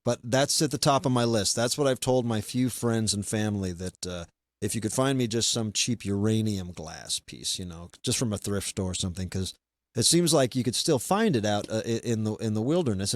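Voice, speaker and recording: Man, low-pitched, loose rambling chat host with lots of fillers, dry close sound. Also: fairly quick, dry recording. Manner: rambling, relaxed, many fillers and restarts. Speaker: podcast host being interviewed. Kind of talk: casual chat.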